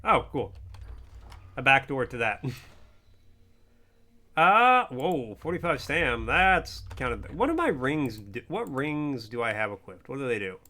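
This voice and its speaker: A young man streaming a game, chatting playfully and breaking into mock-heroic shouts. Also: medium pitch, sing-song, unhurried, long pauses. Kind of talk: casual gameplay commentary.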